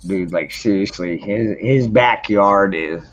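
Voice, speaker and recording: A man's voice: fairly low pitch, slow pace. A man hosting a casual livestream chat, rambling with lots of restarts and swearing freely. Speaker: livestream host. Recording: dull lo-fi stream audio.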